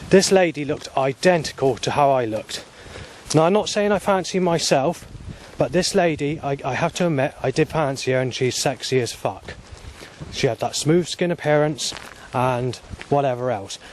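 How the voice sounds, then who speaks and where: A man, rambling and swearing as he walks outdoors filming on his phone, at times flaring into angry shouting. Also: medium pitch, normal speed, a little hiss or hum. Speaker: vlogger. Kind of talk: rambling walking vlog monologue. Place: outdoors, walking along paths. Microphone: handheld phone camera.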